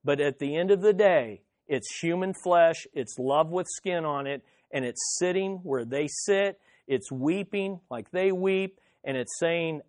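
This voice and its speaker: A man's voice: sits high, no room sound. Emphatic preacher man, dry sound. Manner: emphatic, repeats key phrases, swings between loud and hushed; addresses listeners directly. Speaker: pastor. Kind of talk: sermon.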